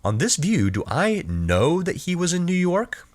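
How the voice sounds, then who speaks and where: A man's voice: high-pitched, wildly swooping pitch, measured pace. A man lecturing on philosophy, explaining step by step, asking rhetorical questions and stressing key words. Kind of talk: recorded lecture with slides.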